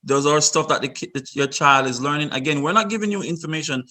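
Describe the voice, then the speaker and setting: A man's voice: fairly high pitch, fast talker, bright, forceful tone. A man presenting a virtual workshop to parents over a video call, instructive and repeating himself with many restarts.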